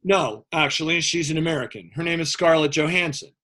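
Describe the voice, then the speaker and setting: A man's voice: a little high, fairly quick, pushed and bright. Chatty, joking male history teacher. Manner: chatty, joking asides, frequent fillers. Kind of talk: casual classroom lecture.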